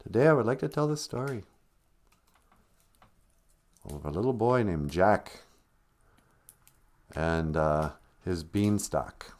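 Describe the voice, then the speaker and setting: A man's voice: fairly low pitch, lively intonation, takes it slowly, pauses often, a little mellow. A man hosting a live-stream podcast, retelling a folktale in a loose, joking, conversational way. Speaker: podcast host and storyteller. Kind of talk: casual humorous folktale retelling.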